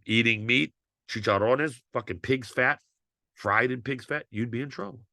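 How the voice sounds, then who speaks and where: Impassioned, cursing male teacher, gravelly voice. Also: mid-range voice, moderate pace, bright, forceful tone, no echo, clean studio sound. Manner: impassioned, blunt, swears freely. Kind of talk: lecture to students.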